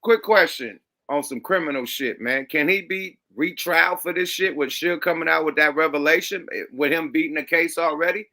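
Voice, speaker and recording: Bright-voiced man in loose, cursing podcast banter. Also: fairly high pitch, normal speed, hardly any pauses. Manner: profane, slangy, laughing banter. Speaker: podcast host. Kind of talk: casual chat.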